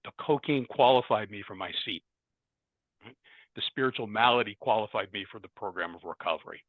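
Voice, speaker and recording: A man's voice: on the low side, a little fast, dry recording. A man giving a personal share at a recovery meeting, speaking emphatically and hammering on repeated words as he addresses the room. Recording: tinny phone-like dry sound.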